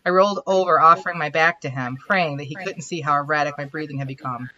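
A woman hosting a writers' podcast, reading her own fiction aloud and chatting in an animated, self-deprecating way. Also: low-pitched, quick pace. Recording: dull, lo-fi sound.

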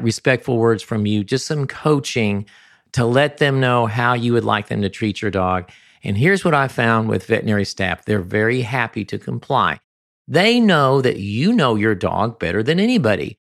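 A man's voice: mid-range voice, no room sound. A man hosting a podcast, giving dog-training advice in an emphatic, sometimes ranting monologue into a close mic.

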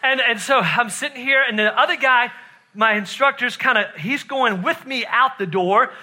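A man preaches a sermon in a high, piercingly bright voice. He tells his story animatedly, laughs often and keeps checking in with "right?", and he sinks to a hushed, intense delivery for the serious points. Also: moderate pace.

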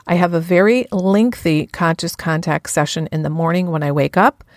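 A woman's voice: on the low side, normal speed, dry recording, studio quality. A woman giving a frank, earnest self-help talk about her own practices, with casual swearing.

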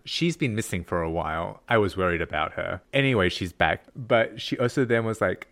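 A man's voice: on the low side, expressive, a little fast, gravelly, a bit bright. A man with a non-native English accent co-hosting a podcast, telling crude, rambling comic stories in casual chat. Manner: rambling, crude storytelling with frequent laughs. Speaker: podcast co-host.

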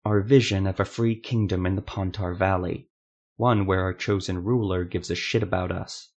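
A man's voice: low voice, steady tone, normal speed, highs cut off. An actor voicing a dying, wounded male rebel hunter who wheezes weakly as he speaks. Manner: weak, wheezing.

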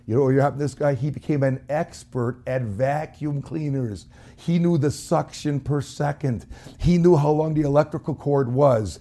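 A man's voice: mid-range voice, moderate pace, mellow. A man telling a folksy anecdote as a sales trainer, acting out the voices of the people in his story. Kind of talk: storytelling motivational talk.

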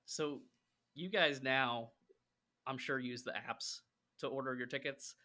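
A man's voice: medium pitch, fairly even intonation, unhurried, sharp tone. A man in his thirties co-hosting a casual podcast, telling wry stories in a chatty way. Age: 30s. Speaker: podcast co-host. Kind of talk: casual chat.

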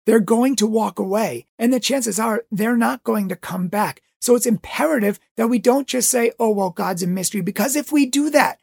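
Man, religious educator, impassioned storytelling, husky voice, dry sound. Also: very high voice, normal speed, hardly any pauses, a little mellow, no echo. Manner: pleading, dramatic, acts out voices in anecdotes. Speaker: religious education teacher and speaker.

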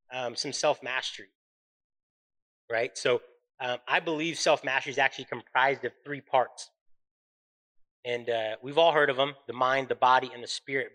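A man in his thirties hosts a faith-based motivational podcast, speaking earnestly and encouragingly and frequently checking in with "right?". His voice is fairly high, bright and pushed, on a low-quality recording.

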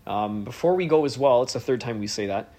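A man co-hosting a podcast in casual chat, laid-back and quick to laugh. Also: medium pitch, animated, crowd noise. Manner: laid-back, laughs easily, says "yeah" a lot. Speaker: podcast co-host.

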